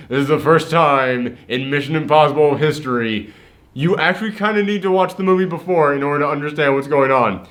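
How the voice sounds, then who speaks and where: A man's voice: a little high, brisk. Opinionated man chatting about a movie. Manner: lively, opinionated, acts out quoted lines. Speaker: co-host of a movie review show. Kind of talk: casual movie review chat.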